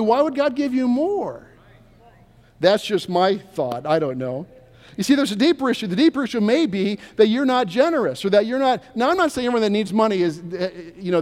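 A man's voice: sits high, darkish tone. A man preaching a sermon to a congregation, earnest, acting out prayers and God's answers in quoted voices. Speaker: pastor. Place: church sanctuary. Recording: long church reverb.

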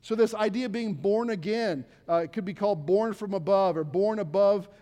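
High-voiced older male pastor preaching. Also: normal speed, in a large hall. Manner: conversational, animated preaching with acted quotes. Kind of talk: sermon. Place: church sanctuary.

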